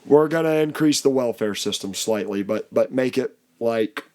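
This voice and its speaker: A man's voice: medium pitch, normal speed, a little mellow. A man hosting a podcast, chatting loosely about politics, laughing often and putting on voices to quote people. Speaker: podcast host. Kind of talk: casual political chat.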